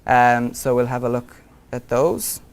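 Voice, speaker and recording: A young man lecturing to a university class, relaxed and conversational, thinking aloud with frequent ums. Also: mid-range voice, a little slow, gravelly, clean tone. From Ireland. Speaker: visiting lecturer. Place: lecture room.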